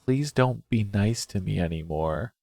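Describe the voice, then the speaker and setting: A man's voice: lowish voice, animated, a little slow, creaky, dark tone, dry recording, studio quality. A man playing through a story game, commenting anxiously, swearing, and reading some lines half in character. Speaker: game streamer. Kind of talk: let's play commentary, reading dialogue aloud. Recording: music playing behind. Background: game music.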